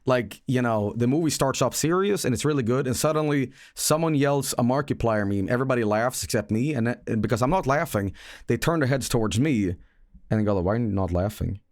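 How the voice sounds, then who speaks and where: A man's voice: medium pitch, animated, fairly quick, dry recording. Profane rambling male streamer, dry mic. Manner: rambling, profane, joking storytelling. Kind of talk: casual livestream chat about a movie.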